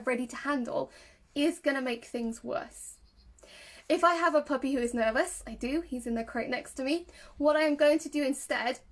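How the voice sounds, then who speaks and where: A woman giving a casual talk as a dog trainer, explaining earnestly and talking through examples. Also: sits high. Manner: earnest, explains with examples, acts out a puppy's thoughts.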